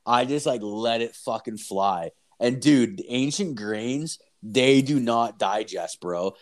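A man's voice: mid-range voice, takes it slowly. A young man telling rambling, profanity-laced stories in casual chat. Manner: profane, rambling, animated storyteller.

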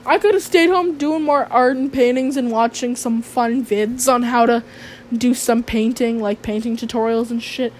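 A woman's voice: fairly high pitch, fairly even intonation, moderate pace, darkish tone, a little hiss or hum. A woman telling stories in a casual vlog monologue. She talks in a rambling, slangy way, swears a lot and turns sarcastic. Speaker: vlogger.

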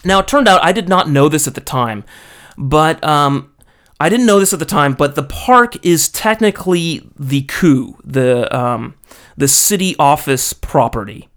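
A man's voice: a little high, animated, measured pace, a bit bright. A man telling a story in a casual, profane rant, often checking in with "okay?" and "you know?". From foreigner living in Japan. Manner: profane, exasperated, peppers talk with "okay?". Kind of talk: casual ranting monologue.

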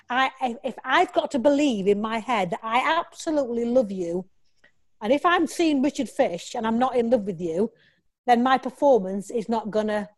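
Woman, slightly high pitch; talkative actress, animated storyteller prone to restarts. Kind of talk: casual interview.

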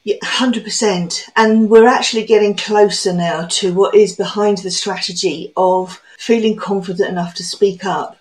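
A woman's voice: mid-range voice, steady tone, poor audio. Chatty woman hosting a podcast. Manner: reflective, chatty, brisk storytelling. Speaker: podcast host. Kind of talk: conversational interview.

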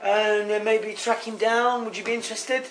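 A man's voice: high-pitched, flat delivery, normal speed, fairly bright tone, a little hiss or hum. A man co-hosting a comedy podcast with joking asides. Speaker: podcast co-host. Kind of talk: casual comedy banter.

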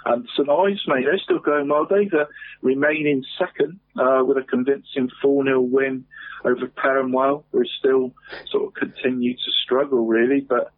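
Chatty male football presenter, husky voice, heavy on "mate", phone-quality radio audio. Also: mid-range voice, steady tone, moderate pace, no room sound. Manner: says "mate" constantly, chatty and rambling. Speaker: local football results presenter. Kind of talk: casual radio football chat.

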